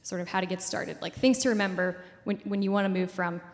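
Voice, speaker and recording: Young woman, public talk, casual, filler-heavy, mid pitch, echoey hall. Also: quick pace. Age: 20s. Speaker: community event speaker.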